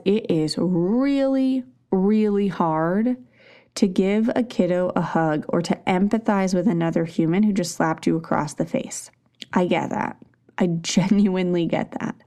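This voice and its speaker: A young adult woman hosting a parenting podcast, telling a candid classroom story in a gentle, soothing way. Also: on the low side, gravelly. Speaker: podcast host. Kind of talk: parenting advice talk.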